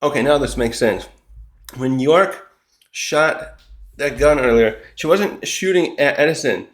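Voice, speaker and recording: A man's voice: mid-range voice, unhurried. A man giving a casual recap commentary of a comic chapter, rambling and often correcting himself. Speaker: manga chapter reviewer.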